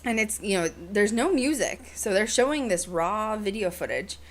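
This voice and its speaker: A woman hosting a podcast, telling a story in casual chat, animated and full of "like" and "you know". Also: medium pitch, moderate pace. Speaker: podcast host.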